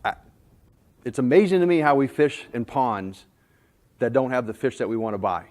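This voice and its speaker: A man's voice: mid-range voice, animated, moderate pace, darkish tone. A man from North Carolina giving a sales talk at a conference, telling folksy anecdotes and stories to a live audience. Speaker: sales trainer. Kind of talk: conference presentation.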